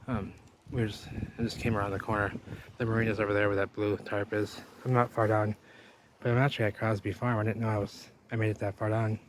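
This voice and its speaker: Flat-voiced man rambling on a walk. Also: fairly low pitch, quick pace, noisy background. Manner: rambling, talks to viewers while walking. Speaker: vlogger. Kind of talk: walking explorer vlog. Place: outdoors by a river wall.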